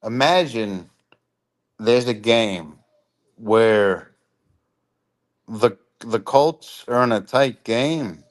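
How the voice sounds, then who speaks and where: A man's voice: mid-range voice, very slow, long pauses. Laid-back man on a call-in. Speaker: call-in guest. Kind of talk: casual sports chat.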